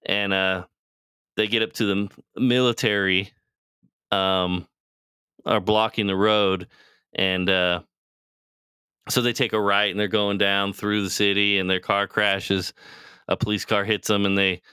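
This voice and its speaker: Bright, smooth-voiced man rambling casually. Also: lowish voice, little pitch movement, measured pace, long pauses, no echo, studio quality. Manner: rambling, profane, acts out characters' lines. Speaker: podcast co-host. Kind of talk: casual chat, retelling a TV show.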